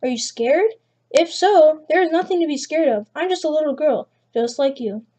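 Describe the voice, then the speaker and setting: A woman's voice: sits high, lively intonation, moderate pace, mellow, voice pushed up. A woman voicing a man who pretends to be a needy little girl in online messages, pleading and then demanding.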